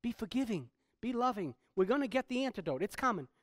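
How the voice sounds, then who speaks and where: A man pastor preaching a sermon, swinging from quiet stretches to loud, emphatic preaching. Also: very high-pitched, very animated, quick pace, no echo, clean studio sound.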